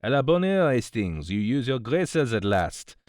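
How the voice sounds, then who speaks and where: A man's voice: mid-range voice, sing-song, a little slow, a little mellow, dry recording, studio quality. A man voicing a fussy, smug older detective, politely reproving, in an audiobook. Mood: smug, precise. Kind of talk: audiobook character voice.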